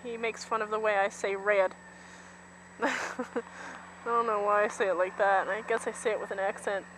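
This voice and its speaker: Out on a motorcycle, a middle-aged woman vlogs casually, rambling, chatting, and laughing easily. Her medium-pitched voice is fairly even in intonation at normal speed, and the low-quality recording carries loud road and wind noise.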